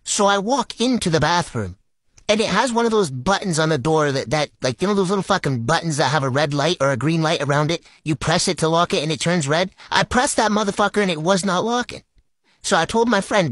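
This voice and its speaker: A man's voice: high-pitched, expressive, brisk, fairly bright tone, no echo. Man, crude storytime, constant swearing, talks straight to the listener, dry close sound. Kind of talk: casual storytime.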